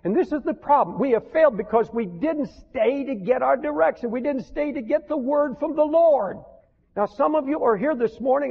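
An older man preaching with rising fervor, his voice sitting high and pressing hard on key lines. The sound is thin and phone-like, and a long hall echo trails after each phrase. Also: moderate pace, creaky. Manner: impassioned, rising to emphatic declarations, reads scripture in old-fashioned wording. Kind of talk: sermon. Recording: tinny phone-like archival recording with long hall reverb.

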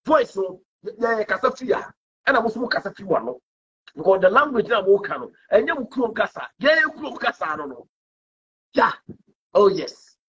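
Husky high-voiced man rambling. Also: fairly bright tone. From Ghana. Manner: rambling, code-switching, mimicking accents. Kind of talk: casual rambling talk to camera. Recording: dull lo-fi recording.

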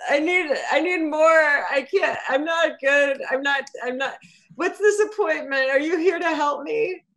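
A woman's voice: high-pitched, a little slow, a bit bright, pitched above the performer's own voice. A woman voicing an anxious young woman patient who sobs, stammers and pleads in a raised voice. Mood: desperate.

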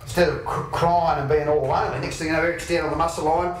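A man's voice: a little high, fairly even intonation, quick pace. A man with an Australian accent telling crude, rambling anecdotes, acting out other people's voices and breaking into laughter. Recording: roomy distant archive recording with faint noise.

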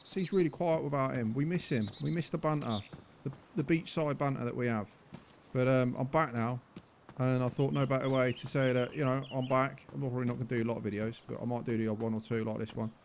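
A young man with a British accent, commentating his gameplay with cheeky humour and getting loud and exasperated when ignored. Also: medium pitch, fairly even intonation, quick pace, a little hiss or hum. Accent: British English. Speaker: gaming YouTuber.

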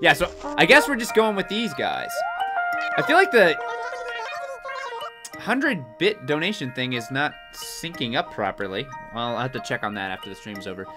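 Goofy young man streaming, lively voice. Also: medium pitch, moderate pace. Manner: chatty, goofy, reads out chat messages. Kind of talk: casual live-stream chat. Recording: game music behind the voice.

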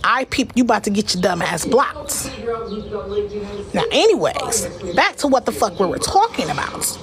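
Combative high-pitched woman livestreaming. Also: very animated, moderate pace, crowd noise. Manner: combative, profane, repeats words while restarting. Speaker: livestreamer addressing viewers. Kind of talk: casual livestream rant.

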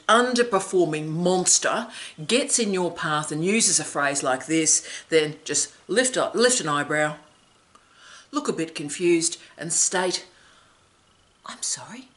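Emphatic woman, low-pitched. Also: fairly bright tone. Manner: emphatic, theatrical, laughs between phrases. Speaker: academic vlog host. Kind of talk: solo advice vlog.

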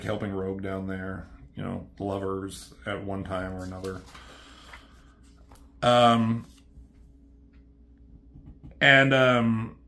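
Dude summing up a comic, swears a lot, mocking and offhand, mid-pitch voice. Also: male voice. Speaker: comic book reviewer. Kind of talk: casual comic recap with quoted voices.

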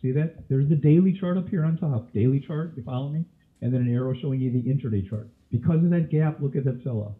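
A man's voice: mid-range voice, fast. A man teaching a live trading webinar, quizzing his listeners with question after question, with a cough and a scratchy throat. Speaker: trading instructor. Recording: tinny phone-like audio.

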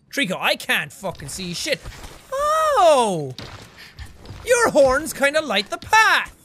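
A very high, bright male voice that leaps around as he plays through a game. He chatters to the creature on screen like a pet and throws in the odd swear. A faint hiss sits underneath. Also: huge pitch swings, slow. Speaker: gaming video host. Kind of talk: let's play commentary.

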